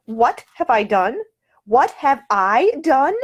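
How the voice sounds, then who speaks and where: Woman doing a high-voiced poised young lady, crisp and proud, bit indignant. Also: sing-song, moderate pace, a little mellow.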